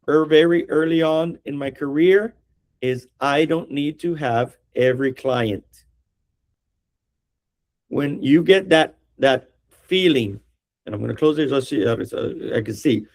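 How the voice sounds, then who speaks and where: A middle-aged attorney runs a training class for real estate agents, speaking in a fairly high voice. His style is direct, and he frequently checks in with the class.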